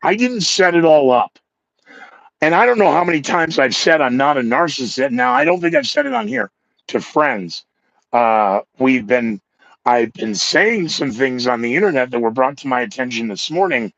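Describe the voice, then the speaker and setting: A man and former radio DJ talks through his podcast with a lively, swooping pitch, mocking himself and acting out the people he quotes. His throat is sore. The sound is dry and close, a little dull and lo-fi. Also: normal speed, gravelly, no echo. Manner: animated, acts out quoted coworkers, self-mocking. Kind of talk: casual monologue with news headlines.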